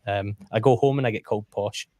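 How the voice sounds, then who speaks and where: رجل صريح يسخر من نفسه بصوت منخفض. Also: male voice, on the low side, quick pace, warm tone, no echo. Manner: candid, self-deprecating, chatty. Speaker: guest co-host. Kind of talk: casual roundtable chat.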